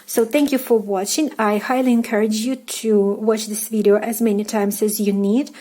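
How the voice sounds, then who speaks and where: Young Russian-accented woman, casual online teacher, mellow and hesitant. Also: medium pitch, fairly even intonation. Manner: halting, many fillers and restarts. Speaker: language teacher. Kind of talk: casual online language lesson.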